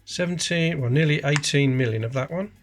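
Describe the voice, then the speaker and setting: Sorting coins for his collecting channel, this host talks through the details in a casual, chatty way. His voice runs a little high and fairly quick, backed by soft music.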